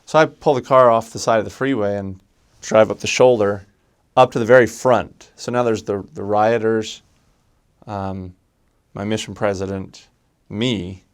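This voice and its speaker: A man telling a personal story from his missionary days, lively and halting, with frequent restarts. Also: fairly low pitch, smooth.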